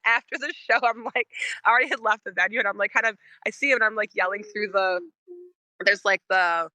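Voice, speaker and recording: A Michigan musician appears as a podcast guest, chatting casually in a brisk, mid-range voice that's pushed and bright, with fairly even intonation and no echo. She rambles through stories full of fillers and laughter, acting out quoted lines in a raised voice during this relaxed interview.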